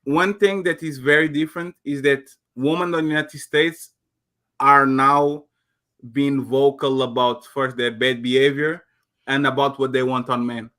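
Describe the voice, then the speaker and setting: A man from Portugal with a Portuguese accent, talking animatedly as a guest on a panel discussion. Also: a little slow. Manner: animated, acts out quotes in high voices.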